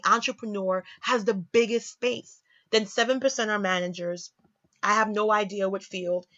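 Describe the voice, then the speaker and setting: A woman vlogger walks through money and career facts in casual talk, her fairly high voice bright and forceful. She leans hard on key words and slips into sarcasm now and then. The sound is dull and lo-fi. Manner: emphatic, sarcastic at times, swoops up for emphasis. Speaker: vlogger teaching personal finance. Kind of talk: casual talk reading from websites.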